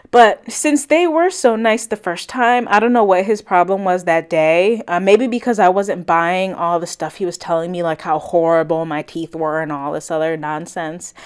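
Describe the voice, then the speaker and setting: A woman in her thirties talks through a casual vlog storytime with a smooth, clear voice at a middle pitch. She tells it animatedly, slipping into the voices of the people she quotes. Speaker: cleaning vlogger. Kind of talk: chatty storytime while cleaning.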